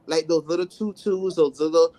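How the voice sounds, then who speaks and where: A trans woman from Jamaica telling her life story in casual talk, animated and acting out her past thoughts with exclamations. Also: deep voice, moderate pace.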